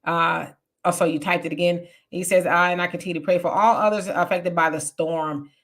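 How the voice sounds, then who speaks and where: A woman's voice: fairly low pitch, fairly even intonation, fairly quick, a bit bright. A woman hosting a casual live stream, chatting with viewers and reading their comments aloud. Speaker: livestream host reading chat comments.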